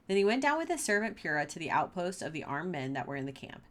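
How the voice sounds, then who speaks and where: Lively woman reading and riffing on scripture. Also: on the low side, fast talker, few pauses. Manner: animated, playful asides between read passages. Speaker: Bible podcast host. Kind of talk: casual Bible reading and commentary.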